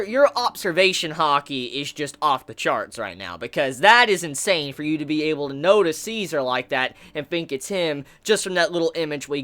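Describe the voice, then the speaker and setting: A woman reviewing a manga chapter in a casual vlog, excitable and profane, often breaking into laughter. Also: low voice.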